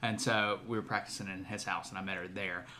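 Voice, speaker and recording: A man's voice: low-pitched, fairly even intonation, brisk, sharp tone, slight background noise. A man co-hosting a podcast, chatting casually and laughing often as he tells a story. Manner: chatty, laughs often while telling stories. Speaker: podcast co-host. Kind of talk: casual chat.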